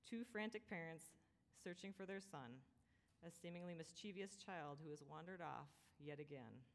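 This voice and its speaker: Woman, pastor, sermon, low pitch, gentle storytelling, echoing hall. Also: normal speed. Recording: long reverb of a large hall.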